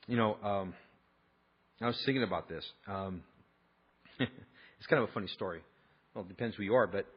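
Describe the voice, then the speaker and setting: Husky-voiced pastor preaching a sermon. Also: male voice, medium pitch, muffled recording. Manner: conversational, emphatic, storytelling. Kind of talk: sermon with personal anecdote.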